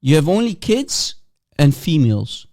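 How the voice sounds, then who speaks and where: Mocking livestream man, lively pitch. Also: a little slow. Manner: mocking and provocative, repeats and teases. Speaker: livestream host. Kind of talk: casual livestream chat taking guests.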